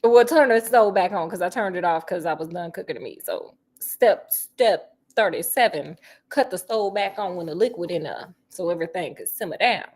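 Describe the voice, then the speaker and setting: A woman's voice: lowish voice, moderate pace, a little mellow. A woman chatting casually while she cooks, sassy and full of asides like honey and girl. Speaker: vlogger. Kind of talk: casual chat while cooking.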